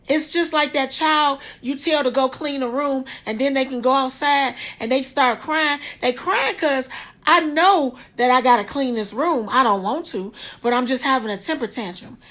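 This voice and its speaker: High-voiced woman giving a faith testimony. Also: fairly bright tone. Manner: preachy, earnest, talks straight to viewers. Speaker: vlogger sharing a health update. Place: hospital room.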